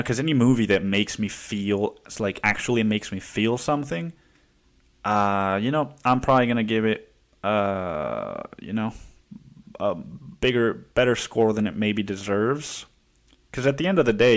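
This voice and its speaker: A man's voice: on the low side, animated, moderate pace. A man hosting a podcast in a casual, rambling monologue full of curses, fillers and restarts. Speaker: podcast host.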